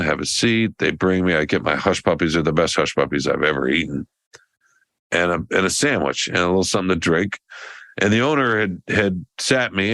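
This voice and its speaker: A deep-voiced man talks casually on a podcast, telling a meandering story. He often restarts his sentences and wanders off track. The sound is close and dry, with no room echo. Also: a bit bright. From American South. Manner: rambling storyteller with many restarts. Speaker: podcast co-host. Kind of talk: casual chat.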